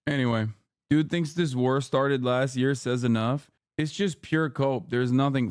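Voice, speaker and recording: A man streaming, reacting to clips with sarcastic, profane, rapid-fire commentary. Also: mid-range voice, clean tone, no echo, studio quality. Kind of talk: casual commentary.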